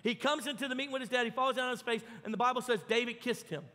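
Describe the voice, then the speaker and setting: A man preaching a sermon, telling the story with lively acted-out voices. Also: very high voice, racing, in a large hall. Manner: animated storytelling, acts out voices. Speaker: pastor. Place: church.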